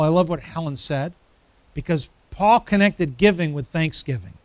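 A man's voice: on the high side, animated, normal speed, a little mellow, dry recording. A man preaching a sermon as pastor, emphatic, building through repeated phrases.

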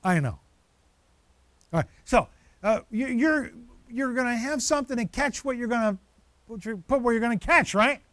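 A male pastor preaching a conversational sermon, lively and animated, with frequent asides to the congregation. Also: extremely high pitch, moderate pace, pauses often, no room sound.

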